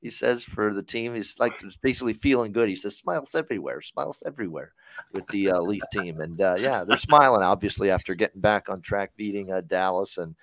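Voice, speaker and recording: A man's voice: lowish voice, a little fast, hardly any pauses, a bit bright, no echo. A man hosting a hockey betting show, talking casually with lots of fillers and the odd swear word. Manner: rambling, profane, filler-heavy.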